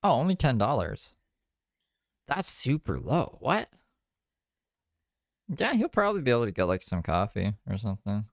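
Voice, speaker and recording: A man's voice: mid-range voice, wildly swooping pitch, normal speed, vocal fry, pauses often, no echo, studio quality. A man chatting casually on a live stream, rambling and swearing with laughing asides. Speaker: streamer reacting to another creator's live.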